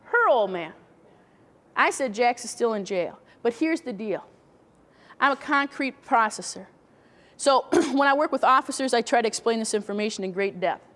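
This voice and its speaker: High-voiced woman presenter in a hall. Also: expressive, moderate pace, a bit bright. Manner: explains step by step, asks the room questions. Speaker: workshop presenter. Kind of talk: training talk.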